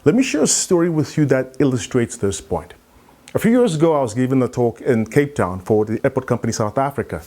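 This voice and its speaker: A man giving a conference talk, telling a story in an animated way and acting out the dialogue. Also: medium pitch, brisk. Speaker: keynote speaker.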